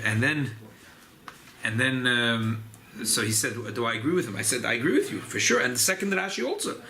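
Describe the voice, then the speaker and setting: A man teaching an informal Torah class as a rabbi, animated and emphatic. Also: background noise. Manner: animated, rising pitch on emphasis, Yiddish and Hebrew terms mixed in.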